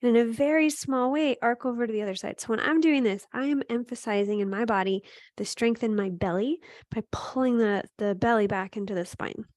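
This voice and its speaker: A woman teaching a gentle yoga class, giving calm, encouraging cues with frequent "um" and "right?". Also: fairly high pitch, brisk, no echo, studio quality. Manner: speaks to students by name. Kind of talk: guided yoga class instruction.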